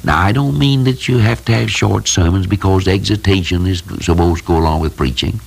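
A man's voice: sits low, fairly quick, creaky, breathy edge. A man preaching a sermon in a folksy, plain-spoken, emphatic way, telling simple stories.

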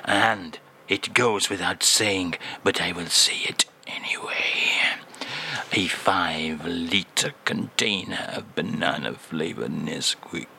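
A man voicing a suave middle-aged Frenchman with a French accent in a comedy radio sketch, drawling slowly with languid French phrases. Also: fairly low pitch, animated, sharp tone, a little hiss or hum, voice pushed down, full character voice.

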